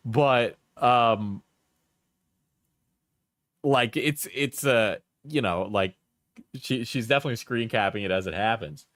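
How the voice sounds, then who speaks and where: A man's voice: medium pitch, slow, long pauses, fairly bright tone, dry recording. Casual man streamer, dry close mic. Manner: reads aloud with offhand asides and laughs. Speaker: streamer reading and reacting. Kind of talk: casual live-stream commentary.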